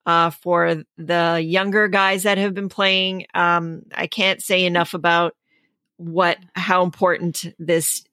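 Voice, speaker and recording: A woman co-hosting a podcast in casual sports chat, measured and agreeable, with many fillers. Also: lowish voice, level tone, sharp tone, dry recording. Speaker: podcast co-host.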